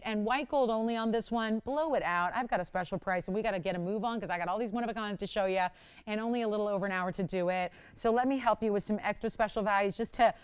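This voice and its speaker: A middle-aged woman with a smooth, mid-range voice promotes jewelry on a live TV shopping show from the studio. Chatty and self-mocking, she laughs often while praising every item.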